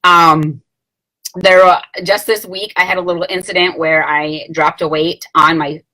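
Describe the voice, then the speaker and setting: Chatty late-thirties woman, bright voice. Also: on the low side, steady tone, measured pace, poor audio. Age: late 30s. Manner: rambling, chatty, many fillers and self-corrections; laughs between phrases. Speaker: vlogger sharing a product testimonial. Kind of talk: casual talk to camera.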